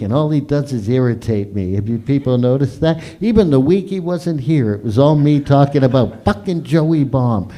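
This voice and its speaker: A middle-aged man with a mellow, medium-pitched voice hosts an open mic on a small comedy stage. He tells crude stories full of profanity in a rambling stand-up style.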